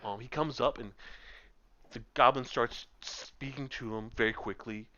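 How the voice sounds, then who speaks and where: A man's voice: medium pitch, fairly even intonation, a little slow, bright, forceful tone. A man narrating a tabletop game as game master, describing scenes at length with frequent ums, over muffled voice-chat audio. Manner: descriptive, many filler ums.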